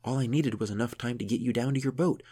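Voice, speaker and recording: A man voicing a timid, nervous elderly priest who talks in an anxious, breathless way, his voice pushed noticeably higher. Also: fast, dark tone, lightly acted. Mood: nervous urgency.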